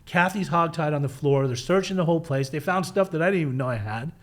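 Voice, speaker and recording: A middle-aged man candidly telling his own recovery story in an interview, animated and casual, acting out the voices of people in it. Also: on the high side, quick pace. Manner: animated, acts out quoted voices, swears casually.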